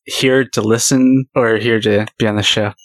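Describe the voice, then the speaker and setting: A man's voice: on the low side, fairly even intonation, moderate pace, no room sound. Giggly easygoing young male podcast guest. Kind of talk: casual podcast chat.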